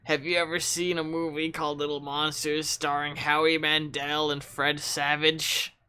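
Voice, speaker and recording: A man's voice: on the high side, level tone, moderate pace, bright, forceful tone, clean tone. A man reading as a nerdy teen boy, snarky. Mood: wry. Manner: reading chat lines aloud, nerdy and a little snarky. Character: nerdy teenage boy in a webcomic.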